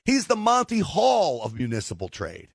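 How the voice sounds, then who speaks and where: A man hosting a call-in talk radio show, joking, bragging and riffing with animated asides into a studio mic. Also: fairly high pitch, moderate pace, dry recording. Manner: jokey, boastful, animated asides.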